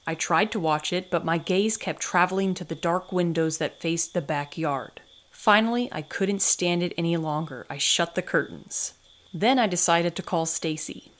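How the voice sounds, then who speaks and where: A woman's voice: on the low side, moderate pace. A woman podcast host reading a first-person novel aloud and then recapping the plot casually. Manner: steady storytelling read, then casual recap.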